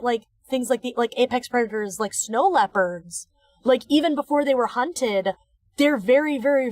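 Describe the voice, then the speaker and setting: A woman streamer chats casually while she draws, animated and quick to swear as she rants. Her voice sits high, and the recording is dry and close, with no room sound. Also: dry recording. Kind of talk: casual chat while drawing.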